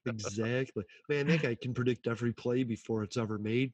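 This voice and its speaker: Husky, animated man chatting about sports. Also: mid-range voice, brisk, no room sound. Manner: animated, swears freely, acts out quotes. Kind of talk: casual chat.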